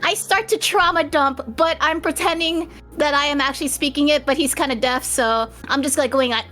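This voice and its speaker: Very high, bright-voiced woman player. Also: fairly even intonation, normal speed, faint music behind. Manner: playful, giggly. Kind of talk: playing a tabletop role-playing game.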